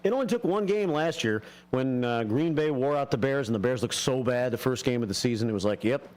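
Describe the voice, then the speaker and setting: Middle-aged man, radio host, easygoing, halting delivery, mid pitch. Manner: relaxed, halting with fillers. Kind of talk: casual morning radio chat.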